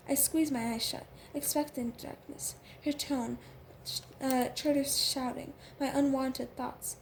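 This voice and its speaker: A woman reading a first-person novel aloud, halting often with fillers and restarts. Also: sits high, steady tone, creaky, a little hiss or hum. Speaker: audiobook reader.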